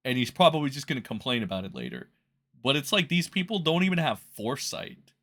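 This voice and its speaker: A man's voice: mid-range voice, sing-song, quick pace, a bit bright. A man hosting a reaction commentary, ranting in a profane, mocking way. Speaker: commentary host.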